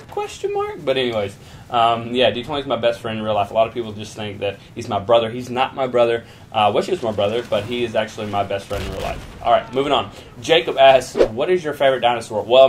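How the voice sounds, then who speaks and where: A man's voice: medium pitch, a little hiss or hum. A young man casually answering viewer questions in a rambling, jokey way, swearing freely. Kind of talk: casual Q and A vlog.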